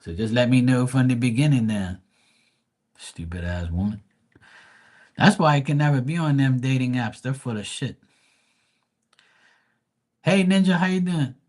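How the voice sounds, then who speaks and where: Husky, profane man ranting casually. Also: medium pitch, moderate pace, pauses often, a little mellow. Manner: profane, blunt, rambling storytelling. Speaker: live stream host. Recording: live stream mic.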